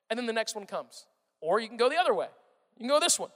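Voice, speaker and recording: High-voiced man preaching in a hall. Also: quick pace. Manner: animated storytelling, acts out voices, swings from loud to hushed. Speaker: pastor. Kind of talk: sermon. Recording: long reverb of a large hall.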